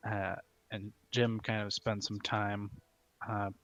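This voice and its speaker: A man playing a tabletop game, describing his character's actions in a halting way. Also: fairly low pitch, flat delivery, fairly bright tone, dry recording. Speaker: player.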